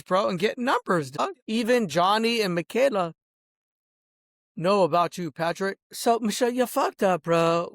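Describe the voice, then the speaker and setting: A man's voice: high voice, fairly bright tone, no room sound. Profane man ranting, dry close sound. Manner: profane, confrontational, peppered with "bro" and "dog". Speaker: host. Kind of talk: angry ranting monologue.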